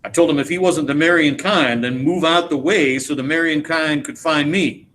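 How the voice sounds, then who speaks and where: A teacher reading aloud as a patient, no-nonsense middle-aged wife with a calm, dry manner. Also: male voice, a little high, moderate pace, slight background noise, lightly acted. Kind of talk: dramatic read-aloud of a play.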